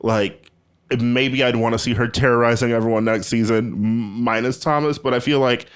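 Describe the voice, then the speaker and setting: A man's voice: mid-range voice, normal speed, clean tone. A man who is a podcast guest, chatting casually and gossiping with lots of fillers. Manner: animated, gossipy, lots of likes and ums. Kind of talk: casual chat.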